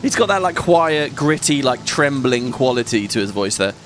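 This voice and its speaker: A let's play host chats casually as he plays, rambling, thinking out loud, and laughing frequently. He speaks at medium pitch with lively intonation, a moderate pace, and a slightly bright tone, while soft music plays behind him.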